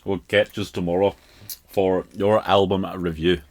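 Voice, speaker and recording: Scottish male co-host, deep voice, blunt casual banter. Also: little pitch movement, measured pace, a little mellow. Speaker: podcast co-host. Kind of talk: casual chat.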